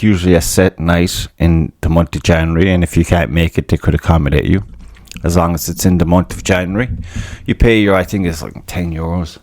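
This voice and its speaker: A man's voice: deep voice, a little mellow, no room sound, studio quality. An Irish man hosting a podcast in a casual, rambling monologue, swearing a lot and laughing at himself. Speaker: podcast host.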